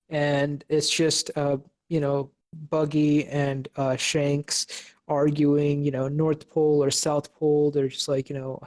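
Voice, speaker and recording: A man's voice: a little high, a little mellow. A young man co-hosting a podcast, recapping an episode casually with lots of fillers and restarts. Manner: hesitant, many fillers and restarts. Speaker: podcast co-host.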